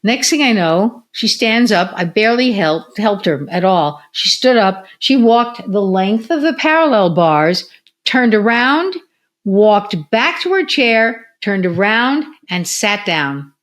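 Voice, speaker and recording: An older woman speaks at a middling pitch as a podcast guest, recounting stories from her years as a physical therapist. She acts out the lines of the people in her stories, sometimes drawing words out slowly, sometimes squeaking them high. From United States. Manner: animated storyteller who acts out quotes. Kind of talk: casual storytelling interview.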